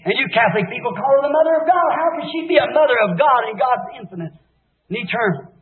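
A man preaching an impassioned revival sermon, fervent, swinging between shouts and hushed low passages. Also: expressive, fast talker. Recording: echoey, tinny old sermon tape.

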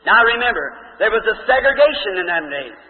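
High-voiced preacher in an echoey hall. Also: male voice, very animated, brisk, narrow, tinny audio. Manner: folksy, conversational, asks the crowd questions. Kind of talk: storytelling sermon.

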